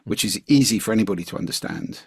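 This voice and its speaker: A man being interviewed as a communication coach, explaining his points in an articulate, measured way. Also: lowish voice, animated, vocal fry, breathy edge, no echo, clean studio sound. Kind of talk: interview conversation.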